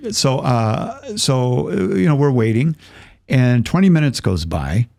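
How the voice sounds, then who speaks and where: An older man, a podcast guest, telling a lively story in casual conversation and acting out the voices of the people in it. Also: medium pitch, slow, vocal fry. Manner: acts out voices in his stories, chuckles often.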